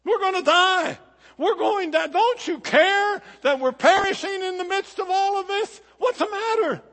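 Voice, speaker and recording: A man voicing the terrified disciples crying out in a storm, shouting in panic. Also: extremely high pitch, animated, unhurried, voice pushed up, full character voice. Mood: panicked. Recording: echoey hall.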